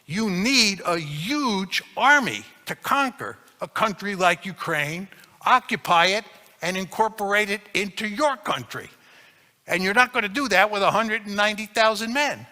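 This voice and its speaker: A man's voice: high-pitched, expressive, moderate pace, sharp tone, big-room sound. A man giving a public lecture, arguing his points emphatically and repeating key phrases for stress.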